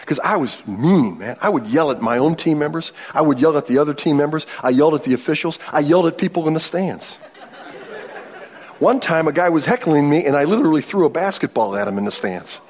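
A middle-aged man preaching a sermon, telling stories in an animated way and laughing often. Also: a little high, a little fast. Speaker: pastor.

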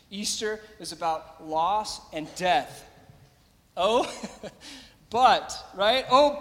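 A man preaching a sermon in a high voice, taking his time over every phrase. He is emphatic and repeats his lines, calling out to his congregation. The sound rings with the long reverb of a large hall. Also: a bit bright. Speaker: pastor.

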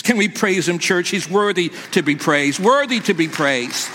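A man's voice: high-pitched, fairly quick, hardly any pauses, pushed and bright, long reverb tail. A man preaching a sermon to his congregation in a church, emphatic, and calling out to them. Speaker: pastor. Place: church sanctuary.

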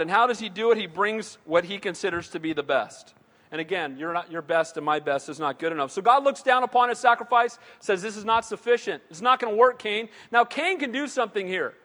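High-voiced pastor preaching in a reverberant hall. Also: male voice, a bit bright. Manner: emphatic preaching, frequent call-outs of "Amen?", acting out quoted voices. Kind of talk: sermon. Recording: long reverb of a large hall.

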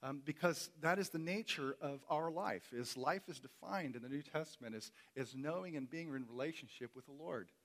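A man's voice: on the high side, normal speed, hardly any pauses, a bit bright. A man preaching a sermon as a pastor, earnest and emphatic, repeating key words for weight.

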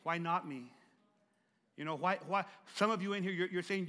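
A middle-aged man pastor preaching a sermon, stuttering and repeating words, swinging from hushed tones to loud, emphatic passages. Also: high-pitched, normal speed, big-room sound.

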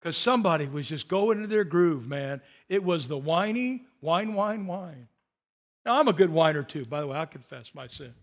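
Male pastor, high voice, animated sermon delivery, loud peaks and hushed asides. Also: brisk, few pauses. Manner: animated, shifts between loud high emphasis and quiet low asides.

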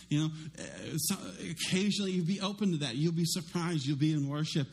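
A middle-aged male pastor preaching a sermon in a conversational, self-deprecating way, with lively swings in his voice. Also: fairly high pitch, brisk, vocal fry, hardly any pauses.

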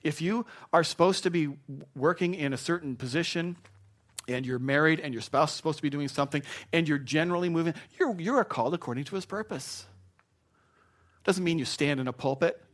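A man's voice: a little high, fairly quick. A middle-aged man preaching a sermon as pastor, earnest and conversational, often restarting and swinging in emphasis.

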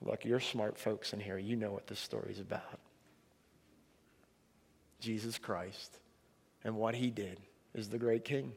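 A man's voice: on the low side, steady tone, measured pace, vocal fry, pauses often, big-room sound, a little hiss or hum. A man preaching a sermon in a conversational way, retelling a scripture story and pushing hard on its key lines. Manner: conversational preaching, rising emphasis on quotes. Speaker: pastor.

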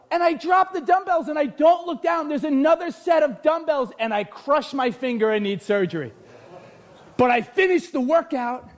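A man preaching a lively sermon in a church hall with bleachers. His voice sits very high, and he often breaks into shouts as he tells funny stories about himself. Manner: animated, often shouting, joking storyteller. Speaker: pastor.

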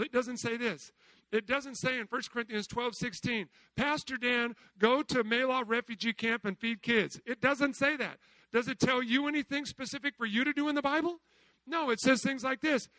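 A middle-aged pastor with a strikingly high, bright, forceful voice preaching to his congregation. He fires questions at the crowd and dips from loud calls into near-hushed lines. The sound is dry and close, with no room echo. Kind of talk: sermon.

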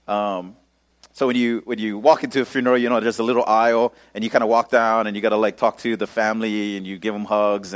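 A male pastor telling a personal story in a casual sermon, using lots of local slang. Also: on the low side.

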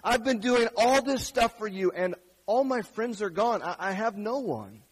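A man acting out a weary, despairing prophet who pleads loudly that he is all alone. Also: sits high, animated, normal speed, slightly rough, long reverb tail, pitched above the performer's own voice, rough recording. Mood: anguished. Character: weary despairing male prophet pouring out complaint.

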